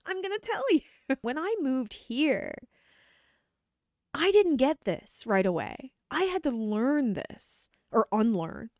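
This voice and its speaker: Animated woman from Canada, dry close sound. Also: on the high side, takes it slowly, dry recording. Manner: animated, acts out quoted greetings. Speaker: host. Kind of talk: casual opinion talk.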